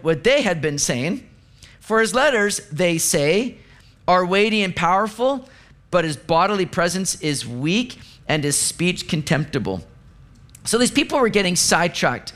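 Guy with a high voice preaching, chatty and loose, little jokes thrown in. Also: a bit bright. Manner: conversational preaching with asides and light sarcasm. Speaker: pastor. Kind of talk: sermon.

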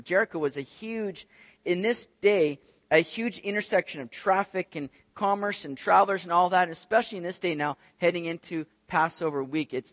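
Expressive male pastor preaching a sermon. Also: on the high side, no room sound. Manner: expressive, acts out quoted voices.

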